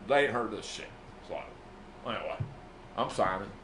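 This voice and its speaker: A man's voice: on the low side, moderate pace, fairly bright tone, a little hiss or hum, close to an everyday voice. A man playing a brash, profane music manager, rambling and boasting in an improvised comedy bit. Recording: echoey room.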